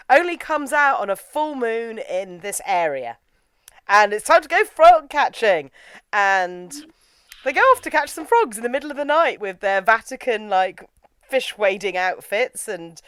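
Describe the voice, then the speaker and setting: A woman's voice: medium pitch, no echo. A woman, chatting casually as a podcast host while she recaps an anime episode and acts out the characters' lines. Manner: chatty, animated retelling with acted-out quotes.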